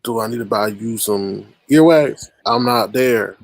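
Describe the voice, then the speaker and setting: A man's voice: lowish voice, a little slow, no room sound, low-quality recording. A man hosting a casual livestream chat, talking in a sarcastic, teasing way. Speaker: livestream host.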